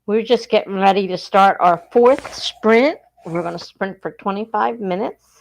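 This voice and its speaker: A woman from southern New Jersey, with a South Jersey accent, hosts a casual livestream, chatting and reading viewer comments aloud. Her voice is mid-range and creaky, a little slow, and she laughs often.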